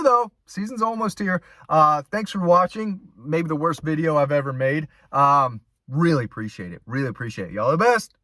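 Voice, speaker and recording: A man's voice: on the high side, pushed and bright, no echo, studio quality. A man hosting a sports channel, ranting in a casual, scornful, rambling way.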